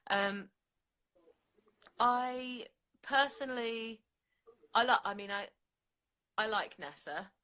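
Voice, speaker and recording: A woman's voice: fairly high pitch, slow pace, pauses often, bright, forceful tone. A young woman chatting and giggling on a phone live stream. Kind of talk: casual late-night chat. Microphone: phone on a live stream video call.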